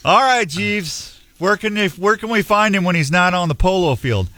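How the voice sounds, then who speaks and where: A man's voice: high voice, expressive, moderate pace, pushed and bright, pitched above the performer's own voice. A man doing a posh butler going Scottish. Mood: pompous. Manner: put-on posh British accent that slips into Scottish. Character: stuffy English butler valet, grown man. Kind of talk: comic live-read ad on radio.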